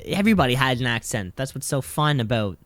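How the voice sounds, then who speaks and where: Brief: animated male podcast host, mock-serious teasing, dry mic. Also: mid-range voice, fast, dry recording. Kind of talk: casual comedic chat.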